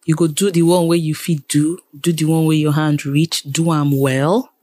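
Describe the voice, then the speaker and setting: A Nigerian woman who works as a radio presenter and programmer appears as a guest in a casual interview, speaking animatedly and repeating phrases for emphasis. Her voice is low and dark, with little pitch movement, at a normal speed.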